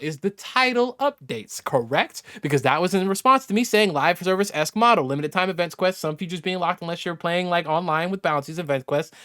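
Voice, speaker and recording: Man, gaming reactor, exasperated, profane, incredulous, loud then muttering. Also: high voice. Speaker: gaming YouTuber reacting to a response video. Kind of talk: casual reaction commentary.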